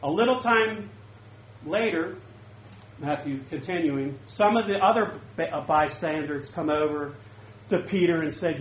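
A man preaching a sermon, swinging from loud bursts to hushed asides. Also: high voice, expressive, moderate pace, roomy sound, low-quality recording.

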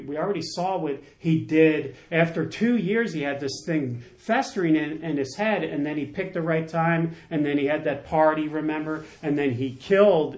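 A man's voice: fairly high pitch, darkish tone. A man preaching a sermon with passion, building to emphatic peaks and often restarting his phrases. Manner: impassioned, rising to emphatic peaks, with frequent restarts. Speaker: pastor. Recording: echoey room.

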